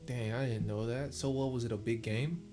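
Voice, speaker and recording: A man's voice: mid-range voice, fairly even intonation, brisk, over music. A man co-hosting a let's play, joking around and asking curious questions. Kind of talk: casual gameplay chat.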